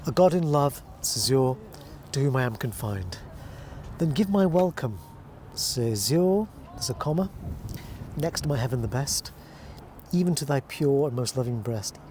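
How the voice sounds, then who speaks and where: A man teaching how to phrase verse, explaining calmly and reading lines aloud slowly and deliberately. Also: medium pitch, a little hiss or hum. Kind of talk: verse-speaking lesson.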